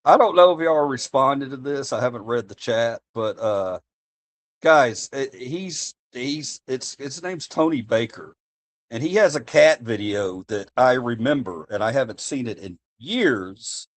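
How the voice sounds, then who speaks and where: A man's voice: medium pitch, expressive, unhurried. A male streamer in casual chat, rambling and thinking aloud while he searches for a clip.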